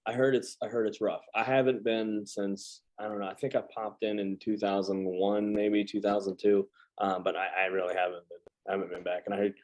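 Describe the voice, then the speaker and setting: A man's voice: lowish voice, level tone, fairly quick, a little mellow, poor audio. A man hosting a casual chat, telling stories in a rambling, easy manner. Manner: chatty, rambling, lots of fillers and restarts. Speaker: podcast host and veteran.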